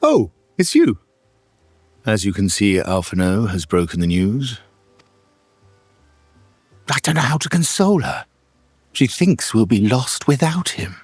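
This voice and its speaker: A man voicing a worried, sympathetic townsman in a husky, concerned voice while reading game dialogue aloud. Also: on the low side, sing-song, measured pace, long pauses, darkish tone, no room sound, faint music behind, exaggerated voice.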